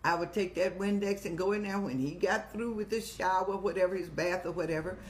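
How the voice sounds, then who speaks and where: An older woman hosting an advice show in a folksy, preacherly way, speaking to viewers like family and telling lively stories. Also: lowish voice, fairly quick. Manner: folksy, preacherly, calls listeners "child"; lively storytelling with animated rises. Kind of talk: warm advice talk to viewers.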